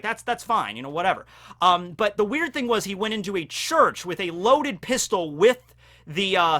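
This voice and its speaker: A man's voice: a little high, pushed and bright. A man from Western Pennsylvania telling a story on his vlog in a casual, rambling way, full of swearing and fillers. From Western Pennsylvania, USA. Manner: rambling, profane, fills with likes and ums. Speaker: vlogger.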